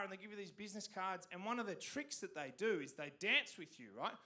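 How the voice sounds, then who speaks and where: Lively Australian man doing stand-up. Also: high voice, fast, few pauses. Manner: animated, rambling, profane. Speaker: stand-up comedian. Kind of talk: stand-up comedy storytelling. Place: community theatre stage.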